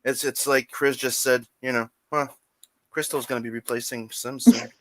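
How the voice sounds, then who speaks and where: A man's voice: mid-range voice, steady tone, normal speed, dry recording. A man co-hosting a casual livestream, joking around in a playful way. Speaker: co-host.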